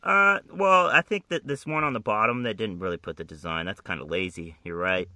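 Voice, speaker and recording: A man's voice: fairly low pitch, fairly quick, bright, forceful tone, dry recording, studio quality. A man reading a comic book aloud with a friend, in a profane, rambling, jokey casual chat.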